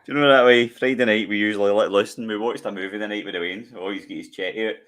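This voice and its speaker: Excitable low-voiced man. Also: fast talker. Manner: loud, excitable, swears while reacting to the film. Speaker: podcast co-host. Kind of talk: casual watch-along chat.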